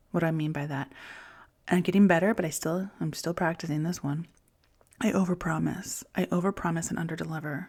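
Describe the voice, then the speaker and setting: Soft-spoken gravelly woman in her forties. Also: lowish voice. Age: 40s. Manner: soft, intimate, often drops to a whisper; gentle, self-soothing. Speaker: podcast host. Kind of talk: reflective personal monologue.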